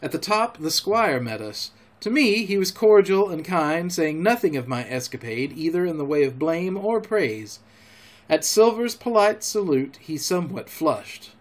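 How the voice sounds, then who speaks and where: A man, a podcast storyteller, reading a classic adventure novel aloud in a measured, expressive way. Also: on the high side.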